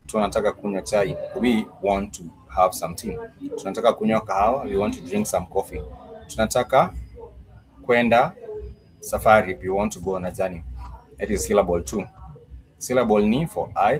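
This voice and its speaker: A man teaching a live-streamed language class, patiently repeating phrases for drilling and pausing with frequent fillers. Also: lowish voice, poor audio.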